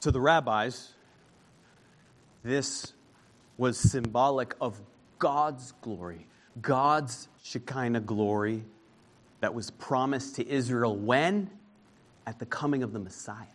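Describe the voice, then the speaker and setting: A man preaching a sermon, slow and emphatic, rising into fervent declarations as he builds each point. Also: medium pitch.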